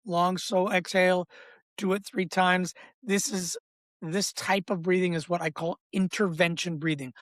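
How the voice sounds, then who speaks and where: A man's voice: high voice, moderate pace, no echo. Emphatic man coaching breathwork, dry sound. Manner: emphatic, repetitive teaching cadence; animated, acts out inner voices. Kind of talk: podcast interview, explaining.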